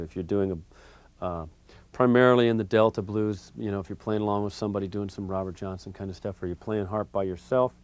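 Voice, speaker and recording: A man giving a relaxed, conversational harmonica lesson, explaining technique step by step with frequent fillers. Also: low-pitched. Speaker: harmonica teacher. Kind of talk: instructional video lesson.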